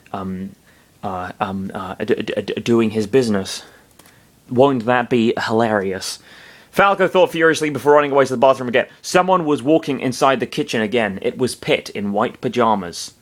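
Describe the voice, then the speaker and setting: Man, fan fiction reader, sarcastic asides, mutters, swears. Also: on the low side. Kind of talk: reading fan fiction aloud with commentary.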